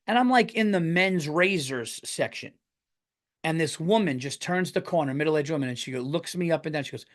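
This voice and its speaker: A man's voice: on the high side, a little fast. A middle-aged American man hosting his podcast, telling a rambling story in casual talk, swearing often and restarting his sentences. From United States. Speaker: podcast host and comedian.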